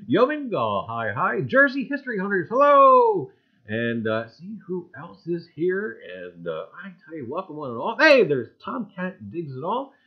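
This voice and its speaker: A folksy man hosts a casual livestream, calling out viewers' names in loud, sing-song bursts before dropping back into easy chat. His voice is a little husky and fairly high for a man, and it swoops up and down a lot. The stream audio sounds dull and lo-fi. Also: wildly swooping pitch, measured pace. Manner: folksy, repeats "gang, I tell you". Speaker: livestream host.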